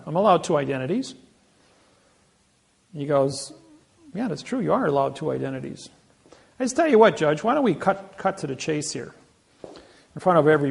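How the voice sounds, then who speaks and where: A man telling boastful stories to an audience, animated, with many restarts. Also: on the high side, gravelly, slightly rough. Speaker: seminar speaker. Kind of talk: storytelling talk to an audience.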